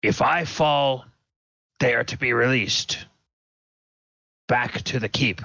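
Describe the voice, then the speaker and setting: A man's voice: mid-range voice, slow, vocal fry, sharp tone, dry recording, muffled recording, voice pushed up, exaggerated voice. A man voicing a menacing dragonborn warlord who sneers his threats and sometimes drops to a hissed whisper. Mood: commanding.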